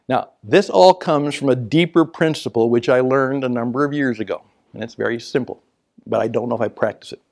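A man giving a storytelling business talk as a motivational speaker, animated and laughing at his own stories, dropping to a hushed whisper to make a point. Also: mid-range voice, a little fast, gravelly.

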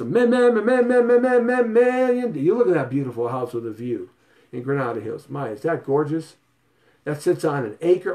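A man hosting a real estate show pitches properties to his viewers in a playful, showy way. His voice sits a little high and swings widely. He stretches words into sing-song repeats and stutter gags. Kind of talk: casual sales pitch to viewers.

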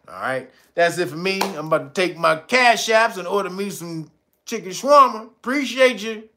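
This male livestream host speaks at a medium pitch with a bright, forceful tone. His pitch and commentary come across tough and profane, punctuated by laughs.

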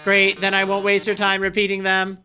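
A flamboyant robot TV star, put on by a woman, purrs and declaims every line with mock-tragic drama. The voice is bright and pushed forward, full of gloating stage flair. It sounds like game dialogue read aloud with theatrical relish. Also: mid-range voice, monotone, a little fast, faint music behind, natural voice. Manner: melodramatic, mock-tragic, calls everyone darling.

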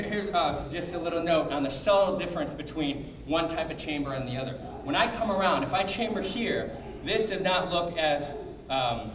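A man teaching a martial arts class, explaining technique in a brisk coaching manner between called-out drill counts. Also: fairly high pitch. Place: martial arts training hall. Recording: echoey hall, distant mic, background noise.

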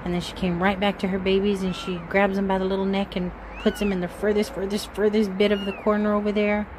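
A woman's voice: medium pitch, flat delivery, quick pace, background noise. A woman vlogging casually from her backyard, talking soothingly to a cat giving birth and chatting to her viewers. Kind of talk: casual vlog talk to viewers. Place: backyard outdoors. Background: cats meowing.

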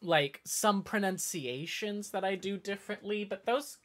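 High-pitched and a bit bright, the man talks at a measured pace. He's from the northeastern US, casually going through viewer comments on a live stream, rambling off on tangents with many self-corrections.

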